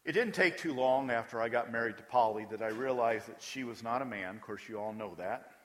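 A man's voice: medium pitch, fairly quick. A man preaching a sermon as pastor, emphatic and acting out prayers aloud. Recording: long hall reverb.

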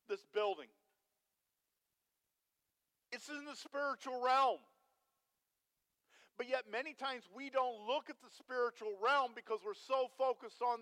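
A man preaching a sermon as pastor, telling a story with animated energy and putting questions to the congregation. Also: very high-pitched. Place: church sanctuary. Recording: long hall reverb.

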